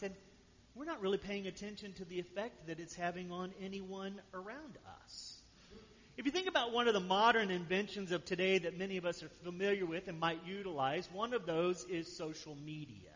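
A man's voice: sits high, animated, moderate pace, sharp tone. A man preaching a sermon to his church congregation, talking to them conversationally and often asking "right?". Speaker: pastor. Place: church sanctuary. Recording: dull sound with long hall reverb.

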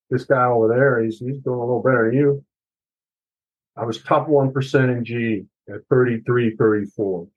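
A man's voice: medium pitch, slightly rough, dull audio. A middle-aged man, an author and podcast guest, telling his personal story in an emotional, earnest and confessional way, with some swearing.

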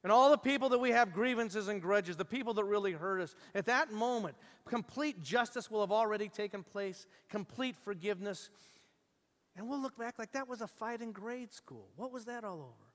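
A middle-aged male pastor with a high voice delivers a sermon with animated storytelling. He drops to hushed asides and then rises to near-shouts as he acts out the people in his stories. His voice rings through the long reverb of a large hall. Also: moderate pace.

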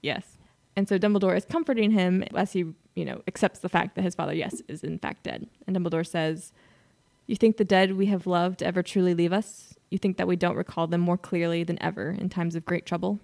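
A woman with a slightly low voice co-hosts a casual fan podcast. She explains eagerly and laughs often as she talks. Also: fairly even intonation, brisk, vocal fry, a little mellow. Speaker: podcast co-host.

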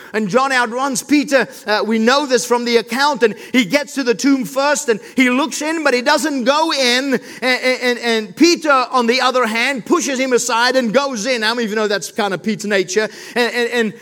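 A man's voice: very high-pitched, fairly bright tone. A male pastor preaching an emphatic sermon, throwing rhetorical questions to the congregation. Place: church. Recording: long reverb of a large hall.

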